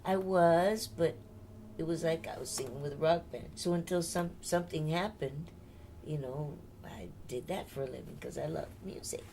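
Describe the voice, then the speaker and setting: A woman's voice: deep voice, normal speed, darkish tone, a little hiss or hum. An older woman, a singer, telling her life story in a candid, chatty interview and laughing often.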